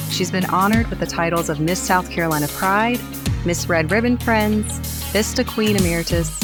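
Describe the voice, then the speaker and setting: A woman hosting a podcast, easygoing and quick to laugh, also reading a scripted outro. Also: lowish voice. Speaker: podcast host.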